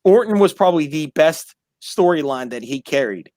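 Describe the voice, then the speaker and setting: Animated man arguing wrestling. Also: a little high, normal speed, no room sound, clean studio sound. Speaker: sports talk host. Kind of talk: casual debate.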